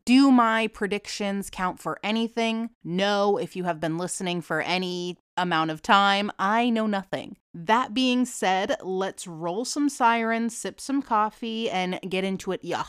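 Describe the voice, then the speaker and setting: Young woman podcast host with a light Boston accent, fast and rambling, swears casually, smooth clear tone. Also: fairly low pitch, fairly bright tone, dry recording, studio quality. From New England. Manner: rambling, fast-talking, profane and self-deprecating. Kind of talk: casual solo podcast chat.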